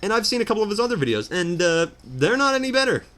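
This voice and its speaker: A man's voice: high-pitched, big pitch swings, quick pace, fairly bright tone. A man ranting in exasperated commentary while playing a video game. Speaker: let's player. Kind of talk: ranting commentary over gameplay.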